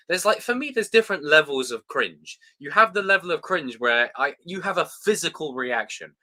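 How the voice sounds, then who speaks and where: A British man hosting a casual live review chat, excitable and sweary, with plenty of fillers. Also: fairly high pitch, fairly quick, hardly any pauses. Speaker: show host.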